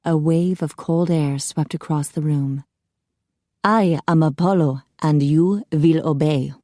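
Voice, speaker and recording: Woman narrating a romance audiobook, mellow. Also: sits low, dry recording, studio quality. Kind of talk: scripted narration.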